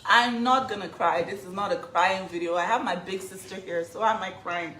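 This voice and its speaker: A woman from Nigeria with a slightly low voice speaks shakily but defiantly. The room around her is echoey. A faint hiss sits in the background. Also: steady tone, brisk, a bit bright. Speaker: social media personality. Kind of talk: emotional on-camera statement.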